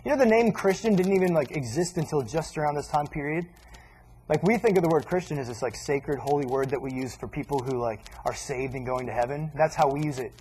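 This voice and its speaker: A man preaching a sermon in a casual, animated way, acting out little asides as he teaches. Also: fairly high pitch, a little fast, a little hiss or hum, rough recording.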